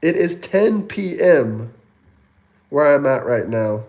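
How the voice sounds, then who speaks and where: Young man, livestream host, fairly high voice, mocking, taunting, swears a lot. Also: sing-song, slow pace, a little mellow. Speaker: livestream host reading chat. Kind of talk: casual livestream chat.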